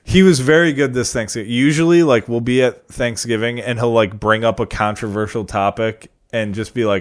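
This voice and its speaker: A man's voice: mid-range voice, brisk, few pauses. A young man, a comedian, co-hosting a casual podcast chat, rambling through stories and swearing freely.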